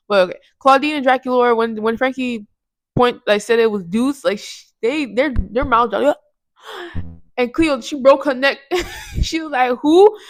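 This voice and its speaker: A woman's voice: a little high, fairly bright tone, no room sound. A woman casually recapping a movie for her review channel, rambling in slang and often correcting herself. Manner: rambling, slangy, self-correcting with restarts and laughs.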